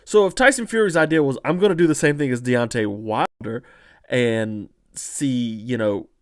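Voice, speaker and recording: Man, casual fight-analysis stream host, animated, chatty, middle pitch, dry close sound. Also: moderate pace, no echo. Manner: animated, excitable, frequent fillers and restarts. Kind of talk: casual live-stream commentary, reading chat.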